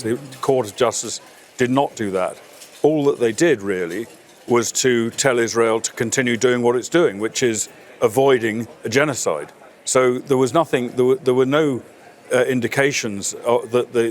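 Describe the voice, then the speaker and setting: A middle-aged man, a military expert guest in a studio interview, making his case in a firm, emphatic way. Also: mid-range voice. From Britain.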